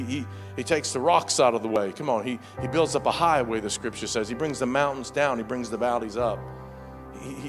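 A man preaching a sermon as pastor, repeating words and urging the congregation to say lines back to him. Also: mid-range voice. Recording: faint music behind.

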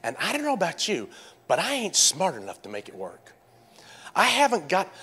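A man preaching a sermon to his congregation, swinging from loud, animated calls to quiet, hushed pleading. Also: mid-range voice, breathy edge. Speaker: pastor.

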